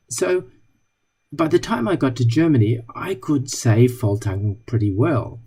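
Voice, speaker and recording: A man speaks to an audience in a relaxed, mellow tone with a touch of huskiness. He tells wry anecdotes and acts out short exchanges between people as he goes. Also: medium pitch, slightly rough. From not British. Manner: wry, anecdotal, plays out little dialogues. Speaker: speaker giving a talk. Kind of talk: storytelling talk to an audience.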